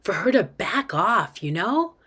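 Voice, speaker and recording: Expressive woman reading a novel aloud. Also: mid-range voice, unhurried, husky. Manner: expressive first-person narration. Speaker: teacher.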